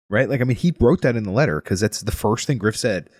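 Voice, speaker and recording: A man's voice: mid-range voice, animated, a little fast, few pauses, darkish tone, no room sound, studio quality. A man co-hosting a podcast, asking easygoing questions in a casual book discussion. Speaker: podcast co-host.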